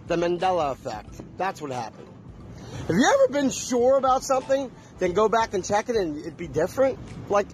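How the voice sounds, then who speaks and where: A man talking straight to his viewers in a casual, emphatic monologue, repeating himself and throwing questions at the audience. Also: high-pitched. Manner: emphatic, repetitive, preachy, asks the audience questions. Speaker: vlogger.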